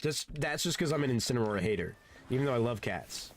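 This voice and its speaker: A man's voice: medium pitch, lively intonation, a little fast, background noise. A man streaming a game and chatting casually, rambling and laid-back, often saying "dude" and swearing. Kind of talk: casual gaming stream chat.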